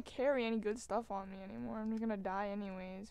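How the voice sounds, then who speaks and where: A woman hosting a gaming video, chatting casually as she plays. She mocks herself and breaks into loud, excited exclamations. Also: mid-range voice, fast talker, gravelly, hardly any pauses, smooth. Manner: excitable, self-mocking, bursts into loud exclamations. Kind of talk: casual gameplay commentary. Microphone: desk microphone while gaming.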